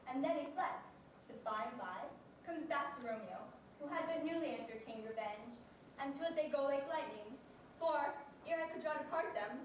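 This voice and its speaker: A woman's voice: on the high side, a little hiss or hum, close to an everyday voice. A young woman acting the young man Benvolio in a school stage play, retelling a fight urgently, heard far off in an echoey hall.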